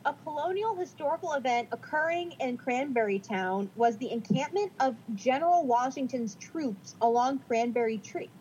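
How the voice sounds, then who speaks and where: A woman's voice: high-pitched, animated, normal speed, few pauses, darkish tone, lo-fi sound, a little hiss or hum. A woman co-hosting a casual podcast, reading from notes in a chatty, self-deprecating way. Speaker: podcast co-host.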